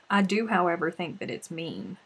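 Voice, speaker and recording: A woman's voice: lowish voice, very animated, measured pace, breathy edge. A woman hosting a crochet live stream, chatting casually and emotionally with viewers, turning teary and then laughing, rambling with restarts. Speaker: crochet livestream host.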